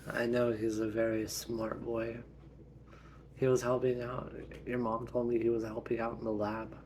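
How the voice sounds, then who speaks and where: A man acting out a family story as the father, talking in a gentle, unhurried way. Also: mid-range voice, level tone, a little hiss or hum. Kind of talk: family role-play storytelling.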